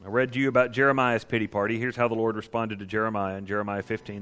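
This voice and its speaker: A man preaching a sermon, reading scripture and then telling the story in an animated, emphatic way, often asking "right?". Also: lowish voice, rapid-fire, hardly any pauses, in a large hall. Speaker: pastor.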